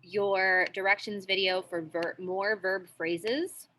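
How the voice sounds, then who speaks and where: Woman, teacher, worksheet walkthrough, bright tone, slow deliberate pace, frequent "okay?" check-ins. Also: medium pitch, fairly even intonation. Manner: slows to read example sentences aloud.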